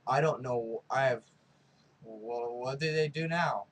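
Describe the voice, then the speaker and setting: A man giving a casual, rambling review of a TV episode, talking excitedly with lots of fillers and dropping into quick character impressions. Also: mid-range voice. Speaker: video reviewer.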